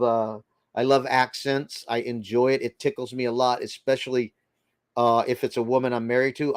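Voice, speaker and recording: A man's voice: medium pitch, a little mellow, no room sound. Older guy rambling on his livestream, reads the chat out, dry close mic, no room sound. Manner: rambling, chatty, reads viewer comments aloud. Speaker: livestream host reading chat.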